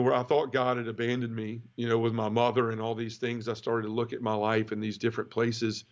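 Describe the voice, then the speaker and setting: Heard through lo-fi sound, a medium-pitched man shares the emotional story of his own conversion during an interview. He tells it vividly and sincerely, with many restarts and repeated words.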